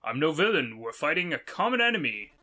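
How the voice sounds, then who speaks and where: A man's voice: fairly high pitch, big pitch swings, a little fast, sharp tone. A man voicing an earnest, polite armored male knight hero with formal delivery.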